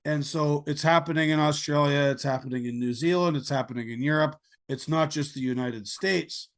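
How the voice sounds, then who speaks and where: A Canadian man with a rather high voice hosts a conversational podcast interview, speaking fairly quickly and airing blunt, opinionated views.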